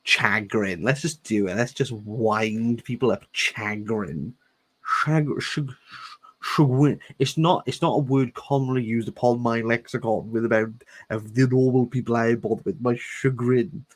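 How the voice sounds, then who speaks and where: A man's voice: medium pitch, normal speed, few pauses. A man in his thirties reads a novel aloud, stopping to joke about it and repeating words he likes. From Wales. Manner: playful, savours and repeats words. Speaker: book channel host. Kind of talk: reading a novel aloud with joking commentary.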